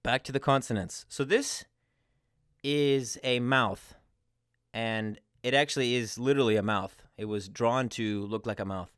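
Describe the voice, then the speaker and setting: A man with a smooth, resonant voice teaches in a casual, friendly way. He explains step by step and gives examples as he goes. The sound is dry and close. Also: fairly low pitch, fairly even intonation, normal speed, few pauses, fairly bright tone, no echo. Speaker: language teacher.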